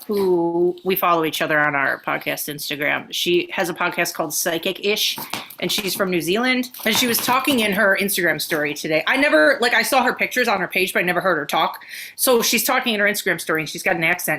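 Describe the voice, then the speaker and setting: A woman's voice: on the low side, sharp tone. A woman co-hosting a casual podcast, a chatty ex-bartender who swears freely and tells stories with energy. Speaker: podcast co-host. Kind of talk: casual chat.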